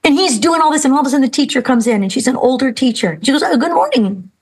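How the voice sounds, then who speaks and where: Brief: earnest woman host, husky, fairly high, emphatic storyteller. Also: very fast, poor audio. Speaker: podcast host. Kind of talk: storytelling and inspirational talk.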